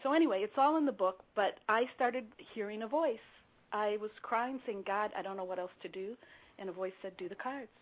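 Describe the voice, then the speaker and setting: A woman's voice: medium pitch, brisk. An older woman guest telling her life story earnestly in a radio interview. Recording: phone-like narrow sound.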